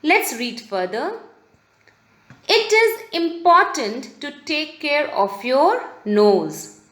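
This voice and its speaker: Woman teacher with Indian English accent, high and sing-song, unhurried, echoey room. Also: sing-song, fairly bright tone. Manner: slow, sing-song teacher voice, spelling words out. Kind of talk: online class lesson.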